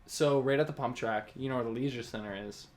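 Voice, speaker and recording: A man's voice: mid-range voice, a little fast. A young man as a podcast guest at home, chatting casually with short, laid-back replies. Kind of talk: casual chat. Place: home with dogs. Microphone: podcast mic.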